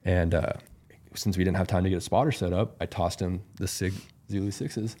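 A calm, laid-back man telling a story as a podcast guest in casual conversation. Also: deep voice, brisk.

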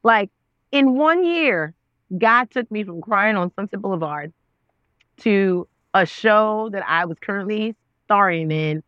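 A woman in her thirties, a guest on an interview show, telling her story with lively voices for her own past words. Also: unhurried, smooth, no room sound, highs cut off. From Nigerian family. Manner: expressive, acts out her own past words with big pitch jumps. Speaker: guest, actress and author.

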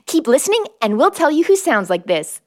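A woman's voice: sits high, sing-song, brisk, noisy background. A woman hosting a children's wildlife show, presenting in a bubbly, playful way with comic asides. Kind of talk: playful scripted presenting for kids.

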